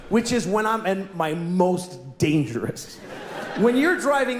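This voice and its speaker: A man performing stand-up, ranting at himself and breaking into shouts. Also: high voice. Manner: self-mocking rant, bursting into shouts. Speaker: stand-up comedian. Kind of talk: stand-up comedy routine. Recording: echoey live room with noise.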